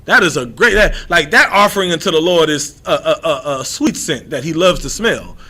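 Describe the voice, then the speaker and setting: High bright-voiced guy teaching bible, loud and repetitive, bossing readers around. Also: lively intonation, moderate pace. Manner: emphatic, repetitive, calls on readers by title. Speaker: scripture teacher. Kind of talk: informal street-style Bible lesson.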